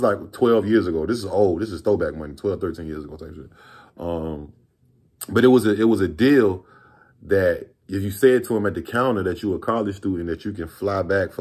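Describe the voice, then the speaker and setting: A man in his thirties from Virginia rambles through a storytime vlog, relaxed and full of slang and swearing. His voice sits on the low side for a man. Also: breathy edge. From Virginia, USA. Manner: rambling, laid-back, profane slang. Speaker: vlogger telling a story.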